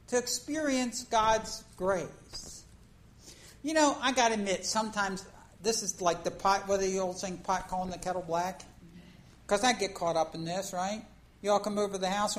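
A woman preacher giving a conversational sermon, telling a story in an animated way and acting out the scenes. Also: medium pitch, poor audio.

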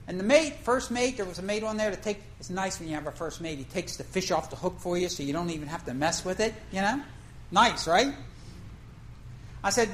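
A woman's voice: medium pitch, moderate pace, poor audio. A woman preacher telling a fishing story in a folksy, conversational way, asking the congregation questions. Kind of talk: storytelling sermon.

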